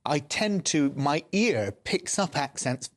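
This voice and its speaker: A man's voice: fairly high pitch, lively intonation, slow. A man from Scotland, a panelist on a talk show, telling a reflective anecdote in casual discussion.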